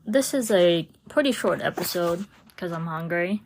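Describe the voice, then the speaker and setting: A woman's voice: on the low side, expressive, normal speed, darkish tone. A woman hosting her own podcast in a casual, rambling solo chat, laughing often and slipping into playful voices for her own thoughts. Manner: chatty and rambling, with frequent laughs and playful inner-voice asides. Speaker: podcast host.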